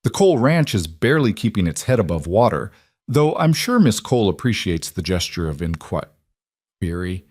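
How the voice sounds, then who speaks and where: A man's voice: fairly low pitch, big pitch swings, moderate pace, darkish tone, dry recording, clean studio sound. A man voicing a haughty older society woman who sneers with false sympathy. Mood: scornful.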